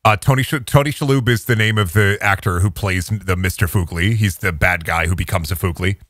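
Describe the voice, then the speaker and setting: Low-voiced man cracking dry jokes. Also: a little fast, a bit bright, no echo. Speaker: podcast guest. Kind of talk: casual chat.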